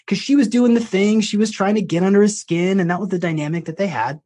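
A man's voice: sits high, quick pace, a little mellow. A man, a life coach, talking as a podcast guest and telling a long story in a loose, rambling way with frequent restarts. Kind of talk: conversational storytelling.

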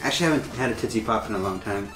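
A man's voice: fairly low pitch, racing. A young man co-hosting a let's play with casual commentary and dry jokes. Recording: roomy echo, game music behind.

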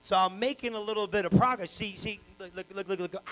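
A male pastor preaching a live evening sermon in church on a handheld mic, animated and colloquial with call-and-response. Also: sits high, fairly quick, poor audio. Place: church sanctuary, live service. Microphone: handheld microphone.

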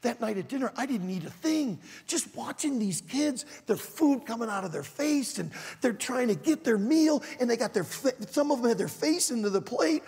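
A man preaching a storytelling sermon to a youth conference in an animated, dramatic way. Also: very high-pitched, normal speed, gravelly, hardly any pauses, breathy edge. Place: large church auditorium. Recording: reverberant large hall.

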